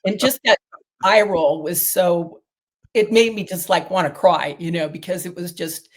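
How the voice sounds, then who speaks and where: A woman's voice: fairly low pitch, normal speed. Rambling middle-aged woman telling stories. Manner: rambling, storytelling with many fillers. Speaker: guest, diet protocol developer. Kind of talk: casual interview talk.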